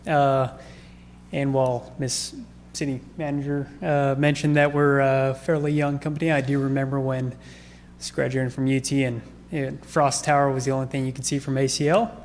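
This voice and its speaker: A man's voice: mid-range voice, little pitch movement, moderate pace, a little hiss or hum. A man, a sales executive, speaking in a friendly, casual way during a presentation to a city council.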